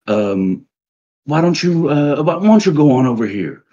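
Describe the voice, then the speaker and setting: A man voicing a short, rotund male nobleman who runs a carnival and speaks in a slow, soothing drawl in a lo-fi recording. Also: fairly high pitch, big pitch swings, dark tone, pitched above the performer's own voice.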